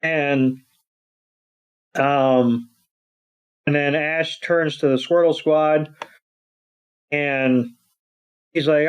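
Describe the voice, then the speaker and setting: A man retelling a cartoon episode for a podcast, rambling and animated as he goes. His voice sits a little high. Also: very slow, pauses often, clear, resonant tone. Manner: rambling, many fillers and restarts, animated retelling. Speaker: podcast co-host. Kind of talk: casual episode recap.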